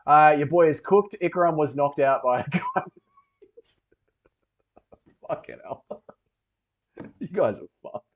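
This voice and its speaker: A man's voice: on the high side, takes it slowly, long pauses, lo-fi sound. A man hosting a livestream, reading chat and rambling with jokey, sweary banter.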